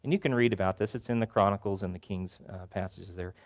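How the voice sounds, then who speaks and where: A man's voice: low-pitched, fast. A male pastor giving a sermon to a congregation, telling stories with animation. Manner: animated storytelling, acts out voices. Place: church before a congregation.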